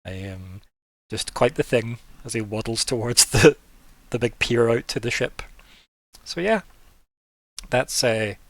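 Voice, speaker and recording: A man's voice: mid-range voice, slow pace, long pauses, a bit bright, no room sound. A man as game master, narrating a tabletop game in a casual, rambling way. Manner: casual, filler-heavy.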